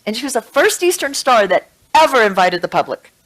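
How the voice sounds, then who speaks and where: A woman's voice: a little high, fairly quick, low-quality recording. Woman telling a story in a sermon. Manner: emotional, animated storytelling with laughs. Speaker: spiritual practitioner giving the talk. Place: small congregation room.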